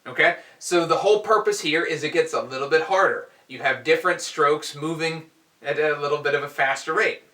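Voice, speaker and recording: A man teaching a drum lesson, explaining strokes in a relaxed way and counting aloud as he demonstrates. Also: on the high side, fairly quick. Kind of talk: instructional explanation. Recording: echoey room, heard from a distance.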